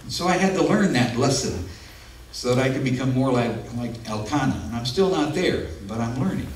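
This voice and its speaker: A man's voice: mid-range voice, animated, normal speed, a little hiss or hum. A man preaching a sermon as pastor, in an earnest, conversational way with personal asides, in a church. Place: church sanctuary. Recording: echoey room, mic at a distance.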